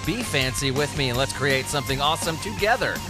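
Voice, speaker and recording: A medium-pitched male voice speaks at a quick pace over loud music in this podcast. The host jokes crudely and laughs a lot in casual chat, occasionally hit by coughing fits from an illness he's recovering from.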